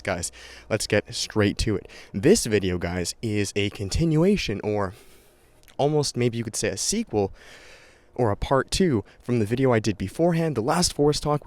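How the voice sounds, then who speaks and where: A man's voice: medium pitch, no room sound. A young man talking casually and energetically to a handheld camera outdoors by a stream, slightly out of breath. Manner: energetic, chatty, repeats himself. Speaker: vlogger. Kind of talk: casual vlog talk to camera. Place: outdoors in a forest valley by a stream. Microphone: handheld camera at arm's length.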